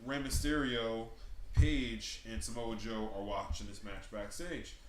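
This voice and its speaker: A man co-hosting a casual wrestling chat, jokey and animated, often slipping into quick impressions. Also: on the low side. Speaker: podcast co-host. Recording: echoey room with faint background noise.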